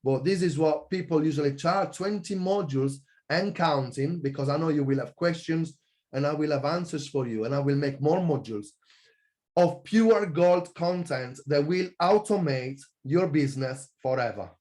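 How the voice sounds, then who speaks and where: Guy hyping his amazon course, fired up and passionate, voice kinda high. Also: moderate pace. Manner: energetic, passionate, competitive, self-correcting. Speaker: online business coach. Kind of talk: sales pitch presentation.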